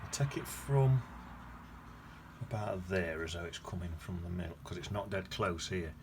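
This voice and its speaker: Brief: male painting tutor, deep voice, rambling self-correcting chat, noisy background hiss. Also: normal speed. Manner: chatty, thinking aloud while painting, self-correcting. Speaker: watercolour painting teacher. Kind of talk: casual painting demonstration. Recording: noticeable background noise.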